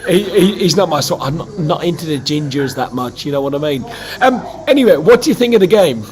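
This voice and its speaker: A man hosting a casual fan chat from a hotel lobby, excitable and stammering, swearing freely. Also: fairly high pitch, brisk, crowd noise. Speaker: podcast host. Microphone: laptop video call.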